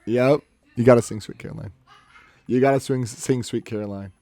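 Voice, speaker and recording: A man's voice: mid-range voice, fairly quick, warm tone, no echo. A man chatting casually on a live stream as he edits photos and talks himself through each step.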